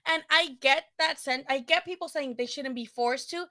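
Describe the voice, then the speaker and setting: A woman's voice: sits high, normal speed, bright, forceful tone. A young woman hosting a casual boxing live stream, chatty and frank, swearing casually and filling her talk with "you know" and restarts. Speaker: boxing livestream host.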